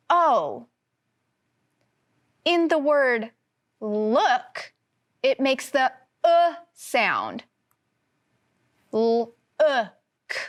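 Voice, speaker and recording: A young woman teaches a televised first grade phonics lesson, sounding out each word carefully for young children. Her voice sits a little high and swoops up and down in a lively, sing-song way. She speaks slowly and patiently. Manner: slow, clear, sounding out words for young children.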